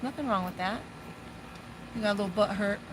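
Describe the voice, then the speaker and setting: A woman gives a casual tarot reading on a live stream. She is chatty and swears freely, and her voice sits in an ordinary middle pitch. Clear traffic noise and outdoor ambience run behind her. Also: a little fast. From Las Vegas, USA. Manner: chatty, profane, breaks off to talk to her dog. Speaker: tarot reader and psychic. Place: outdoors by a pool.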